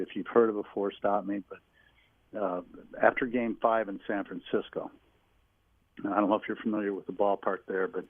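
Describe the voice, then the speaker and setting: A man phones in from a small home office and tells long anecdotes, circling back and restarting as he goes. His voice sits low with a husky edge. The line is tinny and dry, like a phone call. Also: no echo. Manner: rambling storyteller with restarts. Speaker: guest telling stories, former team staffer. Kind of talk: phone-in radio interview, anecdotes.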